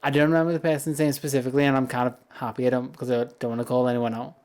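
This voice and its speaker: A man's voice: medium pitch, level tone, rapid-fire, darkish tone. Rambling British man streaming a game. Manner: rambling, self-amused, laughs often. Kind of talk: casual chat while gaming. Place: home streaming setup.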